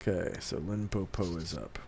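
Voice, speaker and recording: A man narrating as game master of an online tabletop game, in a relaxed, meandering way with many ums. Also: sits low, moderate pace, slight background noise. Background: faint music.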